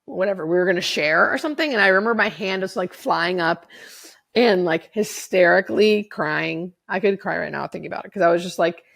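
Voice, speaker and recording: A woman's voice: lowish voice, brisk, gravelly, fairly bright tone. A woman in her forties, a podcast guest, telling her own story candidly, swearing freely and acting out what others said. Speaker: podcast guest, hospice nurse.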